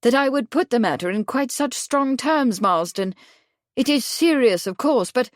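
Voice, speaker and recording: A woman putting on a nervous, prickly middle-aged inventor for an audiobook, defensive and frosty, his words hurried. The voice sits a little higher and louder than her usual reading tone. The recording is dry and close. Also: lively intonation, no echo, natural voice. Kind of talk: audiobook character voice.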